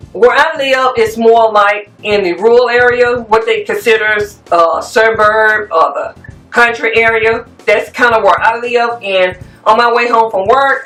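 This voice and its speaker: A woman, chatting casually and rambling a little as she shows home decor finds to her viewers. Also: medium pitch. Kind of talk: casual show-and-tell chat. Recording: echoey room, mic at a distance, soft music.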